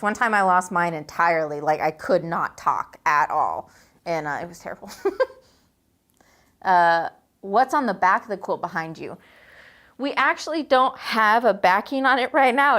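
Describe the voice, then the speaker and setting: A woman's voice: medium pitch, a bit bright. A woman hosting a live chat in a chatty, upbeat way, reading out viewer comments and rambling on with lots of "you know" and "like" while a quilt hangs behind her indoors. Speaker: host.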